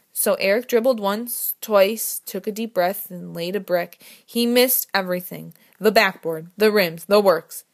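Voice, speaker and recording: A woman narrates a novel for an audiobook, using a medium pitch. The scripted reading is even-paced and expressive, like a practiced storyteller.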